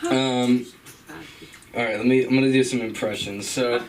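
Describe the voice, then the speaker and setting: A man's voice: mid-range voice, fairly even intonation, normal speed. A man doing stand-up at an open mic, casual and rambling, laughing at his own jokes. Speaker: stand-up comedian. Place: comedy club stage. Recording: distant mic, background noise.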